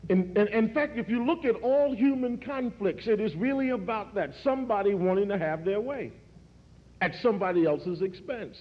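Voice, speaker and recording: High-voiced man preaching, repeats himself and builds up, echoey hall, dull old tape. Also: moderate pace. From New York. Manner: rhythmic preaching cadence, repeats words and builds in pitch. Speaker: speaker at a commemoration. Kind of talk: preacherly speech. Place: large hall.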